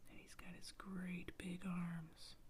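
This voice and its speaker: Woman, whispered role-play bedtime narrator, slow, mellow, faint hiss behind. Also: on the low side, flat delivery. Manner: improvised whispered storytelling, slow and soft. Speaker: ASMR storyteller.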